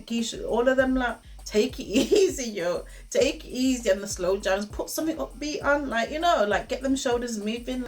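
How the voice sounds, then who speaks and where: A young woman talks casually to camera, giving advice and encouragement. She speaks in a lively way, repeats phrases for emphasis and laughs often. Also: a little high. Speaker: host giving relationship advice. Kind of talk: casual motivational talk to camera.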